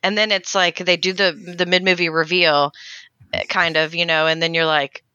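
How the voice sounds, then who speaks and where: Woman co-host, chatty, bright tone, dry recording. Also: lowish voice, level tone, normal speed, clean tone, no room sound, lo-fi sound. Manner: chatty, says like and you know often. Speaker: podcast co-host. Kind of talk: casual chat.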